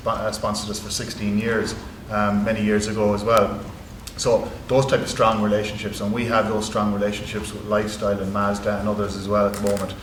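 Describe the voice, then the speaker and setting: An Irish man speaking on a conference panel as a rugby club executive, talking earnestly with many fillers and restarts. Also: on the low side. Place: university conference hall. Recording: echoey hall with background noise.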